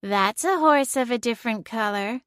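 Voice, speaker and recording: A woman's voice: on the high side, normal speed, a bit bright, dry recording, lightly acted. A woman voicing a sarcastic, bossy female talking cat in an audiobook, with dry quips. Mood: sardonic. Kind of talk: audiobook character voice.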